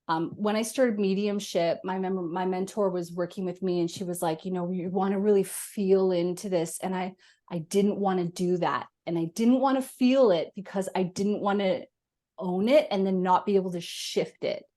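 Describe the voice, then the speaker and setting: A woman guest, a medium, talking in a casual interview, animated and expressive as she explains. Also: lowish voice, normal speed. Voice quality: animated, talks with her hands.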